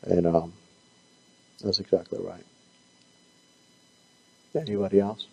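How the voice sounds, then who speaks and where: A man with a low, gravelly voice teaches a Bible class. His voice is going hoarse, and he halts and stumbles as he hunts for words. The tone stays dark and mellow throughout. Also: fairly even intonation, highs cut off. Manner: halting, stumbles and repeats words. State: losing his voice. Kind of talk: Bible study teaching and closing prayer.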